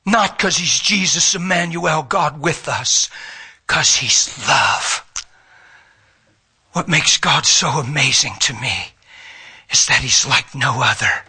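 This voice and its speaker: Impassioned husky male preacher. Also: mid-range voice, slow. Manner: swings from shouting to whispering, emotional. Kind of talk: impassioned sermon.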